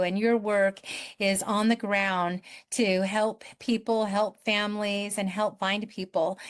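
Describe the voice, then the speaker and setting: A woman hosting an interview over a video call, welcoming and earnest. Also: medium pitch. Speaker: host.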